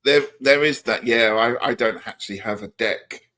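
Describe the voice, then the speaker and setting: A man's voice: mid-range voice, moderate pace, bright, forceful tone. A man co-hosting a live tarot show, talking with enthusiasm about the stories in the cards. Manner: enthusiastic, storytelling. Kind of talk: casual chat on a live stream.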